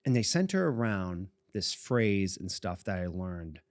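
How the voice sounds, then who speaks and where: A man's voice: sits low, very animated, a little slow, a little mellow, dry recording, studio quality. A man in his forties from Boston, co-hosting a podcast and telling a long personal story in a meandering way, chuckling often. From Boston, USA. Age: 40s. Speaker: podcast co-host. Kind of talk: casual storytelling.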